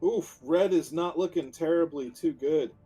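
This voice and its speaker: A man running a tabletop game as dungeon master, narrating in a relaxed, descriptive way with fillers and restarts. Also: on the high side, moderate pace, slightly rough, faint music behind, poor audio.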